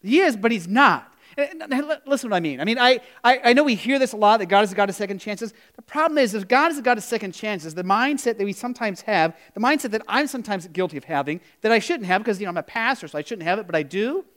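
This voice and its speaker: A man preaching in a high, bright voice that rings smooth and clear. He talks to his congregation in a loose, storytelling way, tossing questions out to them. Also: lively intonation, fast, few pauses. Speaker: pastor. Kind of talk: sermon.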